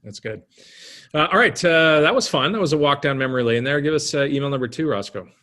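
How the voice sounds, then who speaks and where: A man's voice: a little high, lively intonation, quick pace, pushed and bright. A man co-hosting a casual podcast, playful and teasing as he moves the segments along. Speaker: podcast co-host.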